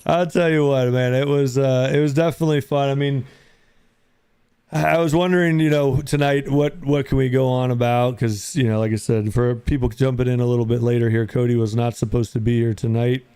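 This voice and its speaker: A man hosting a live audio chat room, talking in a relaxed, rambling way, often saying "dude" and greeting listeners by name as they join. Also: medium pitch, a little fast, clean tone, dry recording. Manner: laid-back, rambling, says "dude" a lot. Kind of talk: casual chat.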